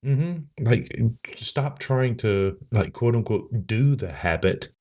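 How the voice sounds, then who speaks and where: A man's voice: medium pitch, expressive, slow, a little mellow. A man co-hosting a podcast in casual conversation, talking in an earnest, encouraging way with many "like"s and "I mean"s. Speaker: podcast co-host.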